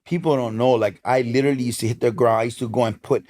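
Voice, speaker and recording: Animated Hawaiian man in his fifties. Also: mid-range voice, fast talker. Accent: Hawaiian English. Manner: animated storyteller, lively and emphatic. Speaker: guest, DJ and club promoter. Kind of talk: casual interview chat.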